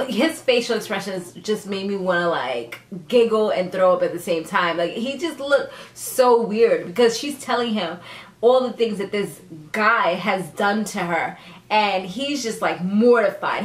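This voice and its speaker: A woman casually recapping a TV episode for her channel in a sassy, animated way, often laughing as she talks. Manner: animated, sassy, dramatic pitch jumps; laughs often while talking. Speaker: TV recap vlogger. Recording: echoey room.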